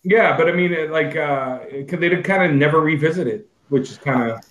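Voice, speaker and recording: Relaxed man in an echoey room. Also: a little high, fairly quick. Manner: relaxed, swears casually, fills with "like". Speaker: podcast co-host. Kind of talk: casual movie review chat.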